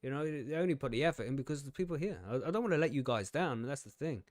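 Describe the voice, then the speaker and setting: A man's voice: mid-range voice, animated, rapid-fire, darkish tone, no echo, studio quality. A man hosting a live stream, chatting casually, rambling and poking fun at himself, with frequent swearing and easy laughter. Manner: rambling and self-deprecating, swears often, laughs easily. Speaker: podcast host.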